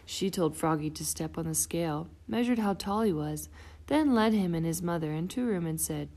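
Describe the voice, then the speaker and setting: A woman reading a children's picture book aloud, expressive and playing out the sound effects. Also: fairly low pitch, normal speed. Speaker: storybook reader.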